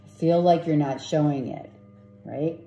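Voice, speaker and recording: Lady doing a tarot reading, slow and rambly, super mellow dark voice, echoey room. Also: low voice, slight background noise. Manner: rambling, repeats herself, asks "right?". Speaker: tarot reader.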